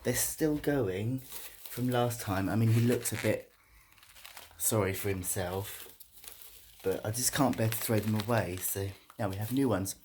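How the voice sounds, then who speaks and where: A woman chatting excitedly on a home vlog, giggly and given to squeals of delight. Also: a bass voice, unhurried. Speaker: vlogger. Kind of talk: casual vlog chat. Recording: echoey home room, faint hiss.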